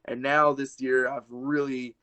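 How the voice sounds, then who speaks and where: A man's voice: medium pitch, little pitch movement, a little slow, pushed and bright, clean tone. A young man, a wrestler guest, chatting casually on a podcast and telling a rambling story full of "like"s.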